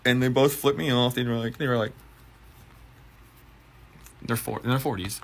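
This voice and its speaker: A man's voice: medium pitch, normal speed, long pauses, very noisy. A man, a bartender and manager, telling a profane story-time anecdote and acting out the quotes. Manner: profane, animated retelling with acted quotes.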